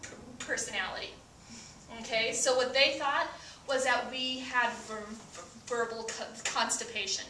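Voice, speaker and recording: Stand-up comic, female, heavy stutter, slow delivery, captured from a distance in a reverberant room. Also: fairly high pitch, bright, forceful tone, a little hiss or hum. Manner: stutters with frequent repeated sounds. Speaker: stand-up comedian. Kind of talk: stand-up comedy set. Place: stage before a live audience.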